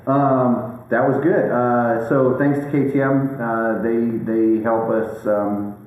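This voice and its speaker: A man's voice: medium pitch, little pitch movement, slow, phone-quality sound. A man hosting a casual chat, rambling and joking with lots of fillers and restarts. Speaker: host. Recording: very echoey room, faint background noise.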